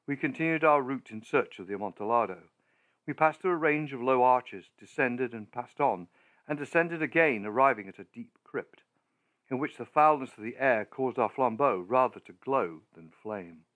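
A male audiobook narrator with a mid-pitched voice, reading a gothic tale at an unhurried, deliberate pace. Every sentence is shaped and paced with care. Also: fairly bright tone.

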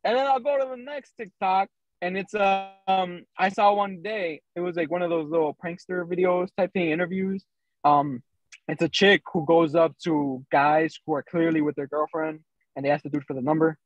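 A man's voice: high voice, fairly even intonation, normal speed, dry recording. A man co-hosting a podcast, telling a story in casual chat with many ums and acted quotes. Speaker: podcast co-host. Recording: dry, slightly dull sound.

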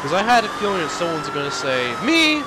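A man hosting a multiplayer gameplay chat, exasperated and yelling insults at his teammates. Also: a little high, animated, quick pace. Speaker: gaming channel host. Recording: voice chat over loud game noise.

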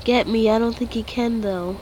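A woman giving casual commentary on her own game, excitable and quick to exclaim when startled. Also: on the high side, a little hiss or hum, poor audio. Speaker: let's play gamer.

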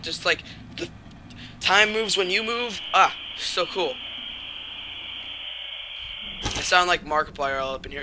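Excitable high-voiced young man gaming. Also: a little hiss or hum. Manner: excitable, bursts of yelps and exclamations. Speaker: gamer doing commentary. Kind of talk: let's play commentary.

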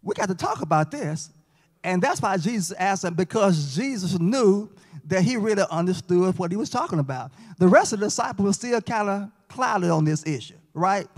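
High-voiced man teaching a church class. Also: lively intonation, normal speed, a little mellow. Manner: folksy, jokes and quizzes the class. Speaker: Sabbath school teacher. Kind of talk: interactive Bible lesson. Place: church sanctuary. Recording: long church reverb.

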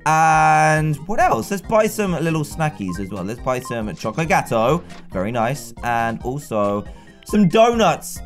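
A man giving chatty, excitable let's-play commentary and talking to the game characters. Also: a little high. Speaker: gaming YouTuber.

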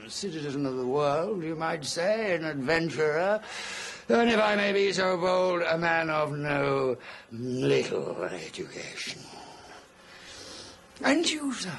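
Gelon Lamb, a florid, gravelly drunk. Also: male voice, high voice, fairly bright tone, slight background noise, heavily acted. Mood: expansive. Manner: theatrical and florid, breaks into song and laughter. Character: drunken, pompous, rambling male adventurer. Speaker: wandering adventurer. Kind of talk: film drama acting.

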